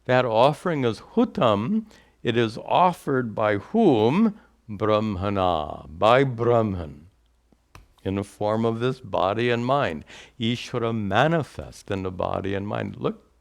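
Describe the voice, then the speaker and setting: A man teaching a scripture class, speaking deliberately, repeating key words and reciting Sanskrit phrases before explaining them. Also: on the low side, vocal fry.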